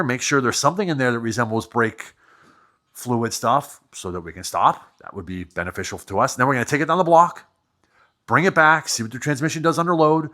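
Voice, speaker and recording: A man's voice: medium pitch, bright, forceful tone. A man from New Hampshire giving casual running commentary while working on an old vehicle, rambling into joking, self-deprecating asides.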